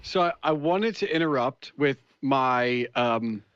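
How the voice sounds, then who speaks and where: A man's voice: mid-range voice, expressive, slow pace, fairly bright tone, smooth, no echo. Stammering man on a dull remote line. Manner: dry, stammering restarts. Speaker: podcast guest and regular contributor. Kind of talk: casual podcast chat. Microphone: remote microphone, digital call.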